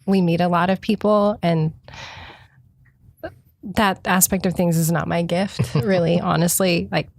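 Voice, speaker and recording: A lively woman chatting as a podcast guest, laughing easily and rushing through bursts of thought. Her voice sits fairly low for a woman, and the sound is close and dry. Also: gravelly, no echo. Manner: lively, laughs often, talks in quick bursts. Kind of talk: casual interview chat.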